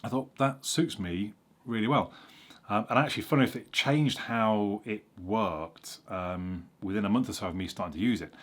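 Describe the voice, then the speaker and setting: An English vlogger chats casually about learning a language, explaining as he rambles and corrects himself with frequent ums. He speaks at a moderate pace in a fairly low voice.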